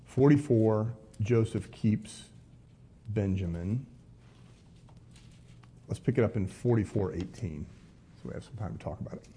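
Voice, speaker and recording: A man's voice: on the low side, measured pace, pauses often, mellow, a little hiss or hum. A man, a pastor, leading a live Bible study class, reading scripture aloud and breaking off for wry, casual asides.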